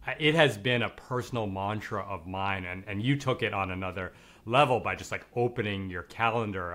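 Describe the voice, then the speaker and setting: A man's voice: lowish voice, fairly bright tone. A man hosting a podcast, chatting casually with lots of fillers and bursts of enthusiasm. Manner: enthusiastic, loose, swears casually, many "like" fillers. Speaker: podcast host.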